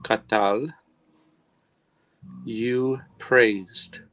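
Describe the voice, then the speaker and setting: A man's voice: mid-range voice, steady tone, very slow, fairly bright tone, poor audio. A man with a middle-range voice speaks easily and jokes along as he takes his turn in an online class. He sounds like he is on a video call. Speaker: student in an online language class. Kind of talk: casual online class discussion.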